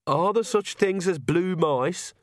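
A man's voice: high voice, slow, dry recording, clean studio sound, pitched above the performer's own voice. A man doing a flustered young witch woman. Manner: hesitant, flustered.

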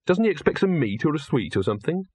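A man's voice: a little high, very animated, fast, a little mellow, breathy edge, dry recording, voice pushed up. A man voicing a plain young man who speaks in a mild, puzzled way.

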